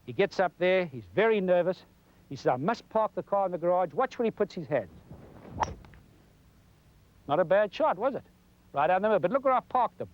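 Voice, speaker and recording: Fairly quick but pausing often, a high-voiced golf instructor with lively intonation gives a folksy lesson and demonstrates as he talks. It's a lo-fi 1990s television broadcast.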